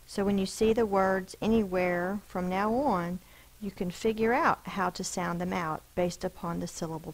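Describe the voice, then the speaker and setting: A woman's voice: medium pitch, poor audio. A woman teacher giving a recorded spelling lesson, patiently explaining rules and sounding out each letter and syllable.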